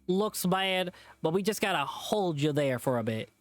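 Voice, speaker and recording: A man's voice: sits high, lively intonation, moderate pace, faint music behind, pitched above the performer's own voice. Man voicing a drawling hillbilly animal thug. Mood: menacing. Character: gruff male hillbilly animal thug, menacing. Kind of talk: reading a visual novel aloud.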